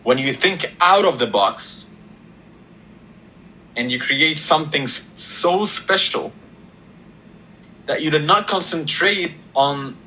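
A man in a reflective podcast conversation, explaining ideas slowly with pauses between words. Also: medium pitch, pushed and bright, slight background noise, rough recording. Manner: slow, deliberate, pausing between words, explaining step by step. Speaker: podcast guest or host.

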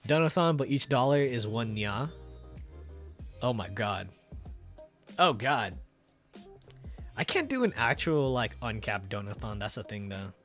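Animated, giggly male streamer. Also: medium pitch, a little slow, pauses often, soft background music. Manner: animated, giggly, rambling with restarts. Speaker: VTuber streamer. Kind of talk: casual live-stream chat.

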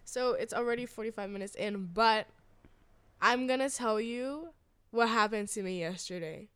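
A young woman co-hosting a podcast, telling stories in a casual, animated chat with quick asides and swearing. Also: on the high side, clean tone, dry recording. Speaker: podcast co-host.

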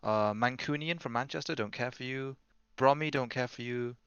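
A man with a London accent, co-hosting a podcast in casual chat, loud and teasing in playful banter. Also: medium pitch, moderate pace, smooth, no echo. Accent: London English. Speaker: podcast co-host. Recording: dull lo-fi dry sound.

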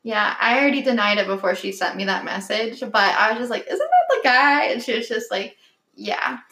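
A woman's voice: a little high, big pitch swings, a little fast, pushed and bright, roomy sound. A young woman in casual chat, telling stories full of "like" and acting out what others said. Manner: chatty storyteller, many "like" fillers, acts out quotes.

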